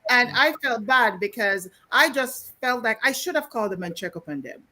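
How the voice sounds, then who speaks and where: A woman's voice: fairly high pitch, lively intonation, normal speed, pushed and bright. A woman from the United States speaking as a panellist on a video call, earnest and emphatic, repeating her points. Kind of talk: panel discussion.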